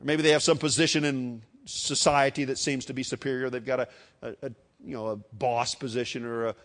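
An older man from Iowa preaching a sermon, with emphatic rhetorical questions and slow, solemn reading of hymn lines. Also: mid-range voice, steady tone, fairly bright tone. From Iowa, United States.

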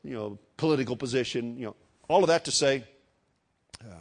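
An older man from Iowa preaching a sermon, with emphatic rhetorical questions and slow, solemn reading of hymn lines. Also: medium pitch, creaky, slightly rough. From Iowa, United States.

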